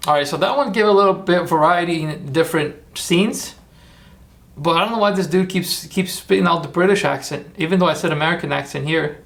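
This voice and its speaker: A man's voice: a little high, a little fast, gravelly, fairly bright tone, a little hiss or hum. A man hosting a casual livestream, chatty and rambling as he talks viewers through his steps and cheers them on. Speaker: livestream host.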